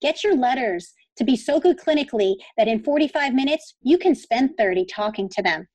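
A woman's voice: on the high side, expressive, a little fast, a little mellow, dry recording, rough recording. A woman hosting a podcast, responding supportively and rambling through her points in casual interview chat. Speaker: podcast host. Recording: dry close sound.

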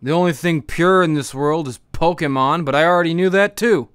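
A man hosts a comedy podcast and wraps it up with deadpan, profane jabs at his audience. His voice sits high for a man and sounds smooth, recorded close and dry. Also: a little fast, no room sound. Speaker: podcast host.

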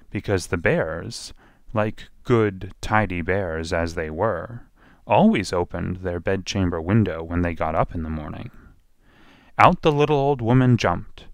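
A man's voice: on the low side, no room sound, clean studio sound. A man narrating a children's storybook expressively, drawing out repeated phrases.

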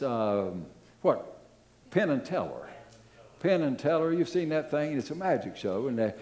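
Older man, pastor, sermon, lively pitch, mellow dark tone, repetitive, storytelling. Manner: animated, repetitive, fillers, storytelling.

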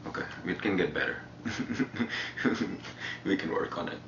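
A man with an Indian English accent talks in a very deep, gravelly voice, rambling along in a relaxed, profane way. He is picked up by a fixed camera mic in a shared house. The sound is muffled and roomy, with clear noise underneath. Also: takes it slowly. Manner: laid-back, profane, rambling. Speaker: reality show contestant. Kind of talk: casual chat.

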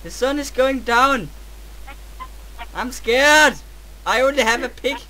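A man with a Danish accent, hosting a gameplay video with dramatic, excitable commentary and shouts. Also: very high-pitched, normal speed, rough recording. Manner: dramatic, yelps and shouts at the game.

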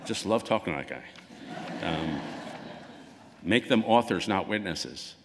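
A man's voice: low voice, takes it slowly, noisy background. A man giving a conversational public talk as an author, acting out quoted dialogue as he goes. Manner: conversational, acts out quoted dialogue with lively swings. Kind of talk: public lecture. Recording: long hall reverb.

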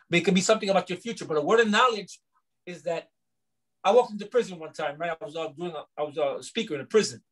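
A middle-aged pastor from New York, telling stories in a fairly high voice. He teaches through personal testimony and acts out the dialogue of each scene. The talk is lively and conversational, like a small-group sermon. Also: poor audio. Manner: animated storyteller, acts out dialogue.

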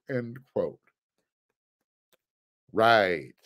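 A man's voice: mid-range voice, sing-song, normal speed, a little mellow. A man hosting a sports podcast, talking casually with fillers, restarts and dry sarcastic asides. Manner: chatty, with fillers and frequent restarts. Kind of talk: casual commentary.

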